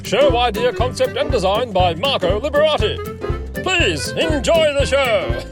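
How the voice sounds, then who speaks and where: A woman reading a scripted show announcement in a bright, sing-song way. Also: fairly high pitch, sing-song, unhurried, music in the background.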